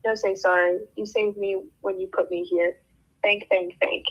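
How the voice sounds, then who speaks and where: A woman's voice: medium pitch, little pitch movement, normal speed, muffled recording, lightly acted. A woman voicing a small, earnest male alien engineer who speaks clipped, broken English and tags questions with the word "question".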